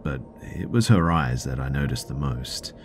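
Very deep-voiced man reading a story. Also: soft background music. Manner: measured storytelling with occasional fillers. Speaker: podcast host. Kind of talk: reading a listener's story aloud.

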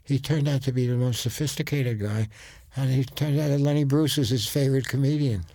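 A man's voice: mid-range voice, fairly quick, mellow, dry recording. An older man recalls old comedy acts with strong opinions and enthusiasm. His voice sits in a middle range. It is recorded close and dry. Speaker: guest. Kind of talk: casual chat.

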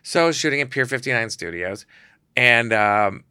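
A man guest telling animated stories on a podcast, acting out the people he quotes. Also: medium pitch, moderate pace, clean tone, dry recording, studio quality. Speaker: guest photographer. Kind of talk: casual storytelling.

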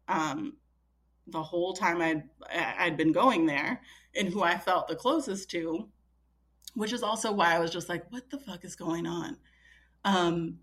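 A woman in her thirties telling a story casually as a podcast guest, acting out what others said, with many fillers. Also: lowish voice. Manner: animated, quoting others in dialogue, frequent fillers.

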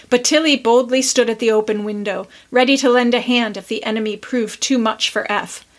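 A woman podcast host reading a classic story aloud with measured, expressive narration. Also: on the high side.

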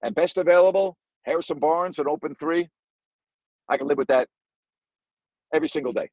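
A man's voice: medium pitch, no room sound. A male sports radio host talks to callers and hammers home his points with emphatic repetition. His voice comes through a dry studio sound. The sound is dull and lo-fi. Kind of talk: sports call-in talk.

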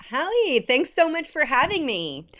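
A woman's voice: high-pitched, very animated, measured pace, a bit bright, highs cut off. A woman guest, a doctor and mother, explaining things in a chatty way with lots of fillers and laughs as she talks. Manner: chatty, many fillers, laughs while talking. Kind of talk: casual interview explanation.

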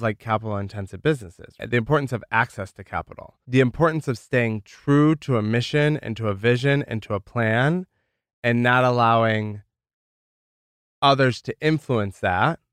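A young man from Michigan, a founder telling his own story in a casual, candid way, lively when he quotes others. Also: medium pitch, clean tone, no room sound, studio quality. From Michigan, United States. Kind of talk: storytelling, podcast interview.

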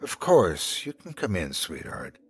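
A man voicing a gentle, lonely middle-aged woman who speaks softly and reassuringly. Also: lowish voice, big pitch swings, normal speed. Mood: cooing. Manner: soft, cooing, reassuring.

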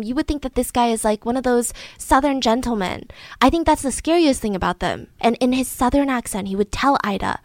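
A woman casually telling a true crime story in a chatty, animated way, acting out the quotes of the people in it. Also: a little high, dry recording.

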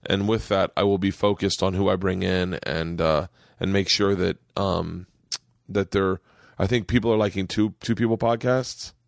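An American man hosting a casual podcast at home, rambling through jokes and swearing freely. His voice is low and gravelly with a lot of fry. The sound is dry and close to the mic. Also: fairly even intonation, normal speed, dry recording. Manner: profane, joking, rambling. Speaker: podcast host. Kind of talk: casual chat. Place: home studio.

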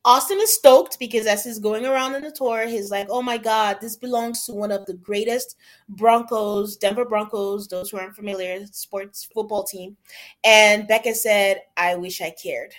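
A woman's voice: medium pitch, fairly even intonation, moderate pace. A woman co-hosting a podcast, chatting casually and animatedly about a reality show and quoting the cast in playful voices. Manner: chatty, quotes people in put-on voices. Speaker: podcast co-host. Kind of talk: casual recap chat.

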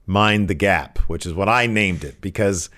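Low-voiced male co-host, animated and jokey in relaxed chat. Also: moderate pace. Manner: animated, joking, rambling. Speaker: podcast co-host. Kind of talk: casual chat recapping wrestling.

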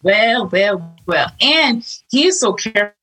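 A woman as a guest, telling her personal faith testimony in casual, animated chat full of fillers. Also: mid-range voice, slow, breathy edge, soft background music, rough recording. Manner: animated storytelling with many fillers.

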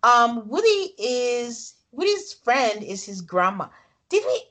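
Slow and a bit bright, her slightly high voice swings widely in pitch as she co-hosts a casual podcast. She recaps a reality show in a chatty way, laughing often over the scenes she retells.

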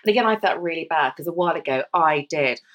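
A woman's voice: deep voice, lively intonation, quick pace, dull audio. A middle-aged woman co-hosting a podcast, chatting casually and reading out listener stories with self-deprecating asides. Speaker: podcast co-host.

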